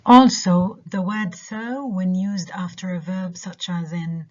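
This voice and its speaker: A woman lecturing on English stress with a Levantine Arabic accent, a native Arabic speaker who explains slowly through repeated examples and keeps checking that students follow. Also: fairly low pitch. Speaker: university lecturer. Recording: dull lo-fi lecture recording.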